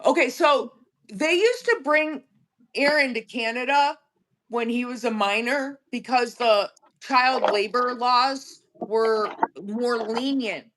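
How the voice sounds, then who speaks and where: A woman's voice: on the high side, fairly bright tone. A woman hosting a livestream, talking bluntly in casual chat and filling with "like". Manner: blunt, uses "like" a lot. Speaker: livestream host.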